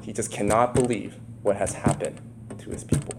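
A man with a lowish, steady voice preaches a conversational sermon at normal speed, firing rhetorical questions at his congregation. He's an emphatic pastor who rises into impassioned bursts, with heavy background noise behind him.

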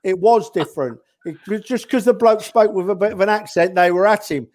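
A man's voice: high-pitched, brisk, darkish tone. A man, a regular on a fan podcast, rambling and teasing his co-host with slang. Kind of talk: casual banter.

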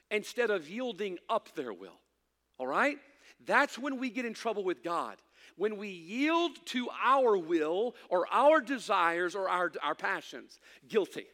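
A middle-aged man preaching a sermon as pastor, swinging from loud emphatic lines to hushed asides, with folksy humor. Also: high-pitched. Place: church sanctuary. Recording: long hall reverb.

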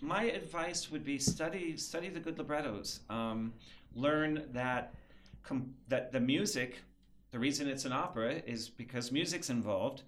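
A man's voice: medium pitch, expressive, unhurried. A man speaking as a guest librettist in a casual interview, chatty and self-deprecating, often laughing.

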